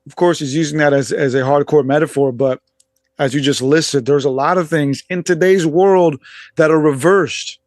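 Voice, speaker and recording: A man's voice: a little high, steady tone, normal speed, no echo, clean studio sound. A man as a podcast guest, explaining at length in a laid-back way, with casual swearing.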